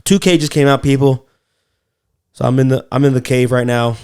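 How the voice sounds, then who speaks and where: A man's voice: medium pitch, fairly even intonation, moderate pace, darkish tone, clean tone. A man co-hosting a comedy podcast, telling loose, profane stories in casual chat. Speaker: podcast co-host.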